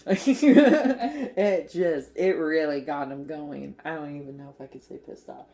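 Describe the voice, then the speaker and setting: A woman's voice: sits low, takes it slowly, dark tone. A woman casually recapping a movie as a crochet vlogger, chatty and giggly, with lots of fillers.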